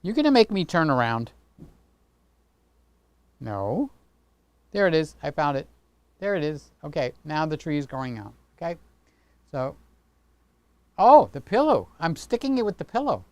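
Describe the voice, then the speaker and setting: Playful male livestream host who chats with viewers; smooth tone, dry close sound. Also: fairly high pitch, sing-song, a little slow, pauses often, a little mellow, dry recording. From Greek heritage. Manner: chatty, playful, talks with his hands. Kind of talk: casual livestream chat.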